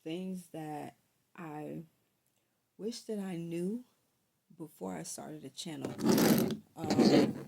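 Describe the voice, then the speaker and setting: A young woman vlogger talking casually to camera, giving tips in a chatty, relaxed way with frequent ums. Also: on the low side, creaky.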